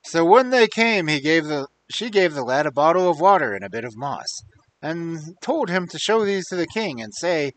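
A man reading an old fairy tale aloud on a live stream, expressive and adding dry, wry asides. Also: a little high, normal speed, a little hiss or hum, poor audio. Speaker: storyteller.

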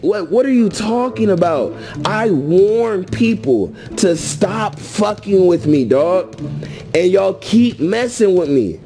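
High-voiced man trash-talking on stream. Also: mellow. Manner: boastful, taunting, laughing.

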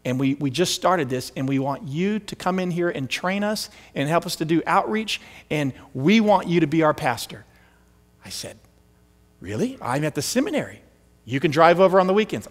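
A man preaching a storytelling sermon as pastor, acting out the voices of the people in his stories. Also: fairly high pitch. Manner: animated, acts out quoted voices. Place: church sanctuary. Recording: long hall reverb.

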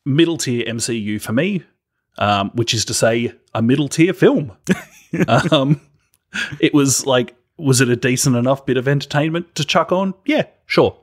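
A man co-hosts a casual film-review podcast, his voice sitting at an ordinary middle pitch. He talks in a wry, sarcastic way and laughs often. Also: expressive, normal speed. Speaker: podcast co-host.

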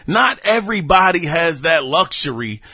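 Man, high voice, bright and forceful, dry close sound, casual slangy podcast host, animated. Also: moderate pace, husky, no room sound. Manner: animated, slangy, talks straight to listeners. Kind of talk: casual solo podcast commentary.

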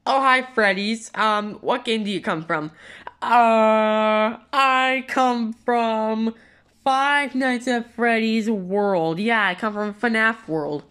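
A woman voicing a pushy, excitable male plush rabbit who whines and schemes through a plush toy video, full of fillers. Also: fairly high pitch, slow, smooth. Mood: sheepish. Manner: whiny and scheming, rambles with fillers.

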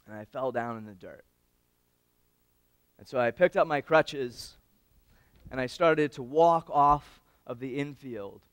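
Animated storytelling man, clear voice. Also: fairly high pitch, no echo, clean studio sound. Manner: animated, swings from loud to hushed; addresses the audience directly. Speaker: former patient giving an awards speech. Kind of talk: storytelling speech.

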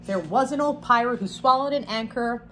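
A woman, a teacher reading a picture book aloud to her class, expressive, with chatty asides between the verses. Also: on the high side, moderate pace, slight background noise.

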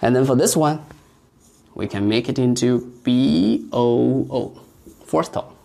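Casting: unhurried male tutor who explains patiently and demonstrates tones. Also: medium pitch, vocal fry, mellow. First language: Mandarin Chinese. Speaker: Mandarin teacher. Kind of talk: online language lesson.

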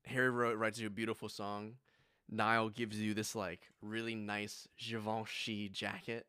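A man's voice: on the low side, level tone, a little slow, bright, forceful tone, clean tone, no room sound, studio quality. A young man with a Southern US accent, streaming a casual music reaction with joking, rambling asides. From United States.

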